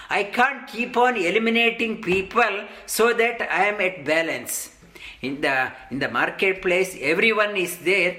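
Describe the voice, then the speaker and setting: A man giving a slow, halting scripture discourse as a spiritual teacher, full of ums and restarts. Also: high voice, bright, forceful tone. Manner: halting, many ums, slow deliberate explanation.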